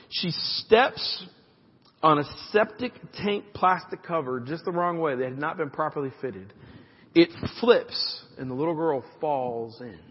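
Man, pastor, lively conversational sermon; slightly high, husky voice, muffled recording with long hall reverb. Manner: conversational, animated preaching with asides to the congregation.

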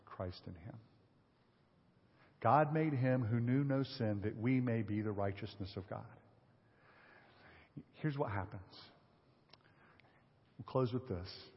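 A male pastor preaching a sermon, asking the congregation rhetorical questions and swinging between loud emphasis and a hushed voice. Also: on the low side, unhurried, long pauses, husky. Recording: lo-fi sermon audio with long hall reverb.

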